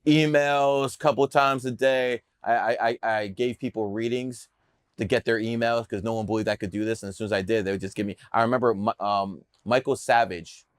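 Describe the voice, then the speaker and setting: A man's voice: mid-range voice, fairly even intonation, brisk, smooth, dry recording. A man telling stories in a casual interview, brash, boastful and profane. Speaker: podcast guest telling his story.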